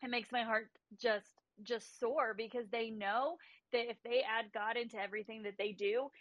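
A woman in her thirties with a fairly high voice, speaking as a guest over a remote call. She tells her story with passion and conviction. The sound is dry and close, with no room around it. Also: fairly even intonation, normal speed, no room sound, muffled recording. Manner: passionate, faith-driven storytelling. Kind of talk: livestream interview.

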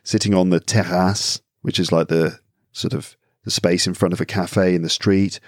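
A man's voice: low-pitched, normal speed, no room sound, clean studio sound. A middle-aged man with an English accent, chatting as a podcast guest and acting out little asides as he talks. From England. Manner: chatty, animated storytelling with acted-out asides. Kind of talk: casual podcast conversation.

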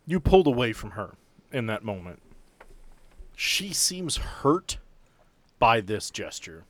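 A man narrating a tabletop role-playing scene as game master, in a measured, descriptive way. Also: mid-range voice, sing-song, a bit bright.

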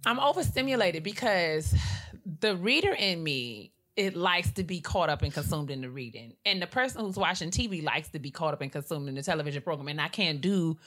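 Emphatic low-pitched woman co-host. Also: a little fast. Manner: animated, emphatic, repeats herself for effect. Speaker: podcast co-host. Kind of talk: casual chat.

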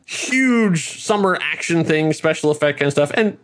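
A man's voice: fairly high pitch, animated, normal speed, a bit bright. A man hosting an interview, rambling and friendly, stumbling his way into his questions. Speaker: podcast host. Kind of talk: casual interview chat.

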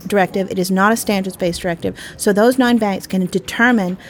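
A woman's voice: mid-range voice, a little fast. Brief: forties woman panelist, firm and opinionated, faint room noise behind. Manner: emphatic, opinionated. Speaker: panel guest. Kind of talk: casual panel discussion.

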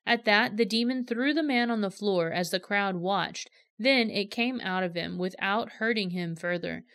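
Smooth-voiced woman reading scripture. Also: medium pitch, no echo, clean studio sound. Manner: steady, measured storytelling delivery. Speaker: scripture reader.

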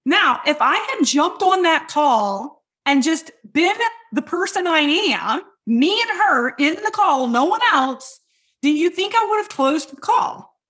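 With a high, hyped-up voice, a woman who hosts a podcast and works as a business coach delivers an energetic, loud lesson. She speaks emphatically and directly to listeners, repeatedly checking in with "right?" and "okay?"

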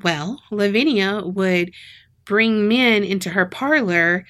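A woman's voice: mid-range voice, slow pace, fairly bright tone. A woman co-hosting a podcast, telling a crime story in casual chat, laughing often and acting out what people said. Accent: Southern American. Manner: laughs often, acts out quotes in voices. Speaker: podcast co-host.

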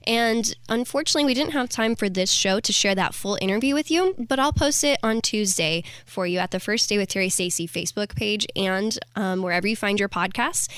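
A woman co-hosting a radio morning show and presenting food news, bubbly and quick to laugh. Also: medium pitch, fairly bright tone, no room sound. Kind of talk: upbeat radio banter.

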